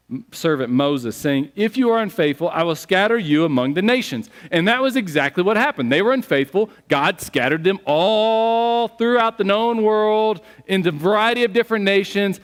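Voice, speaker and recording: A man preaching a sermon as pastor, telling stories in an animated, conversational way. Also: on the high side. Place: church sanctuary. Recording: long church hall reverb.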